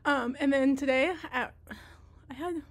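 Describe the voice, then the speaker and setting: A woman's voice: high-pitched, unhurried. A young woman chatting casually in a vlog, bubbly and giggly, rambling, a little out of breath. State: out of breath from dancing. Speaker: vlogger and teacher. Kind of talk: casual chat.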